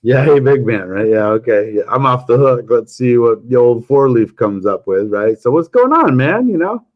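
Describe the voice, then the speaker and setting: A man's voice: medium pitch, lively intonation, normal speed, phone-quality sound. Joking man telling a story. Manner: jokey storytelling, chuckles often. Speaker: livestream host. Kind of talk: casual chat.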